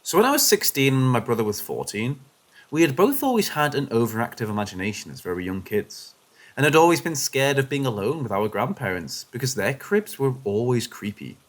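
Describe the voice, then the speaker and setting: A man giving scripted, expressive narration of first-person paranormal stories, shifting his delivery with the suspense. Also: mid-range voice, a little fast. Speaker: story narrator.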